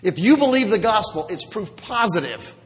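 Animated preaching man in echoing hall. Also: sits high, moderate pace. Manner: animated, jokey preaching with sudden loud bursts. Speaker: pastor. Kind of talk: sermon.

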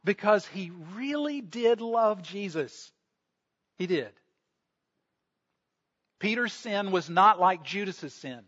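A man's voice: high-pitched, lively intonation, slow, pauses often, a bit bright, dull audio. A male pastor preaching a sermon, retelling scripture as a story and acting out the quoted voices.

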